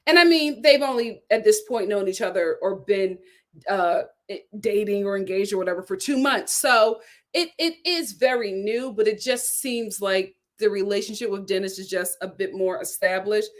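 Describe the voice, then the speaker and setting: A woman giving sassy, animated commentary on a reality show, laughing at her own jokes. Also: mid-range voice, normal speed. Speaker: reality TV reviewer. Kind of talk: casual commentary.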